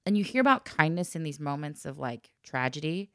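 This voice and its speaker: A woman telling a personal story in casual chat, lively and laughing often as she acts out the voices of the people in it. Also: deep voice, fairly quick, dry recording, studio quality.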